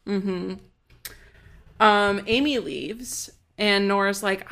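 A woman with a gravelly, fry-heavy voice runs through a TV episode in casual podcast chat. She keeps a quick, dry, sardonic pace and breaks into acted lines from the characters. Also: mid-range voice, fairly bright tone. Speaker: podcast co-host.

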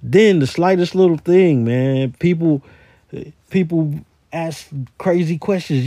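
A man's voice: a little high, takes it slowly, dark tone, no room sound, studio quality. A man who works in a store, telling a rambling story in a casual voice message, with many repeated words. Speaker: retail store worker.

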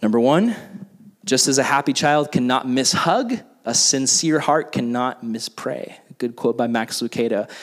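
A young man preaching to a youth group. His voice sits at a middle pitch, and he talks loosely, leaning on "like" and restarts. He moves from casual sermon talk into a softer spoken prayer. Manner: casual, filler-heavy preaching with many "like"s. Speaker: youth pastor.

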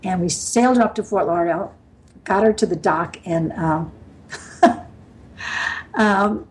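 Speaking slowly in a fairly low register, this older woman from the US Midwest appears as a sailor guest on a podcast. She tells rambling, casual interview stories full of laughter and filler words, captured on a low-quality recording.

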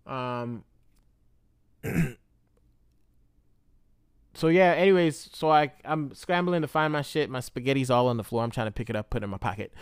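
A man's voice: medium pitch, clear, resonant tone, no echo, clean studio sound. A man telling a personal story in a candid, rambling, emotional monologue full of profanity.

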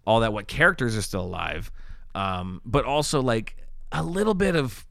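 Man, podcast co-host, lively swinging pitch, smooth clear voice, dry close sound, excitable, casual chat. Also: moderate pace, dry recording. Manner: excitable, talks over himself with restarts and laughs. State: has the hiccups.

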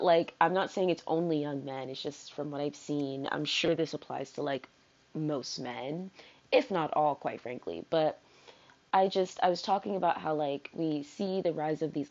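A woman's voice: low voice, darkish tone, highs cut off. A woman hosting her own solo podcast, talking casually in a rambling way with lots of fillers and free swearing. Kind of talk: casual unscripted podcast monologue.

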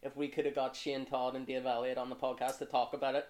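A man's voice: mid-range voice, fast talker. A man hosting a football podcast, chatting casually with lots of fillers and the odd swear. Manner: relaxed, lots of fillers, swears when annoyed. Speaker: podcast host.

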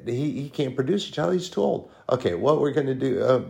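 A man's voice: medium pitch, lively intonation, brisk, vocal fry, dark tone. A man voicing a fretful older woman. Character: worried older woman refusing, scheming.

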